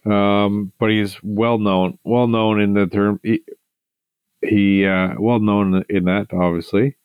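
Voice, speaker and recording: A man's voice: fairly low pitch, little pitch movement, takes it slowly, smooth, no room sound, narrow, tinny audio. A man co-hosting a podcast in casual chat, questioning skeptically and reading out facts. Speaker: podcast co-host.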